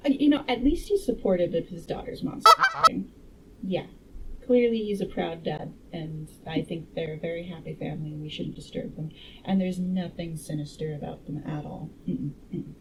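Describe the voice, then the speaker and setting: A woman's voice: on the low side, normal speed, mellow, slight background noise, poor audio. A woman reading a classic horror story aloud and breaking off for wry, sarcastic comments. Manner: wry, sarcastic asides between passages. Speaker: audiobook reader and commentator.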